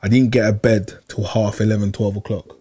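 A young man, telling a long personal story in casual chat, animated and repeating himself, full of slang. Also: lowish voice, brisk, husky. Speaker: podcast regular.

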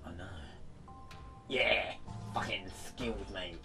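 A man's voice: low-pitched, takes it slowly, creaky, pushed and bright, faint music behind. A man casually bantering and thinking aloud while playing a puzzle game, playful and giggly. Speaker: game player. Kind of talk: casual let's-play banter.

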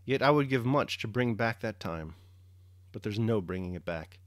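A reserved, melancholy young count with a low voice and a lively melody, read by a man. He is restrained and subdued, recorded close and dry. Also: moderate pace, dry recording, lightly acted. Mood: rueful.

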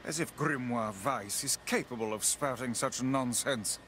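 An actor playing a stern, weary young hero who questions everything. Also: male voice, mid-range voice, a little slow, a bit bright, slight background noise, lightly acted. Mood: skeptical. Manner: dry, skeptical, sighing. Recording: played from game, music behind.

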